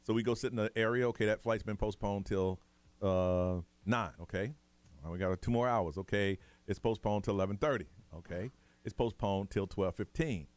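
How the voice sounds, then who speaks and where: A man's voice: on the low side, moderate pace, no room sound. A man hosting morning radio, telling a story in a casual way and acting out the people in it. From United States. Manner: animated, acts out other people's voices in his stories. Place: radio studio.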